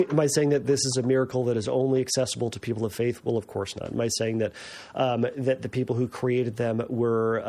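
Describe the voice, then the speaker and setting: A man's voice: medium pitch, darkish tone. A man hosting a podcast, talking casually and explaining things with lots of fillers and restarts. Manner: conversational, many fillers and restarts. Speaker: podcast host.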